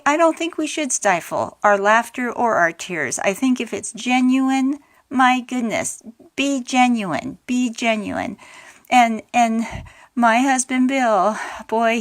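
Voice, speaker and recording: A woman's voice: on the high side, slow. A middle-aged woman speaking earnestly about her life, heartfelt and unscripted, with frequent fillers and restarts. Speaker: widow sharing her grief experience. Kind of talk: personal talk to camera.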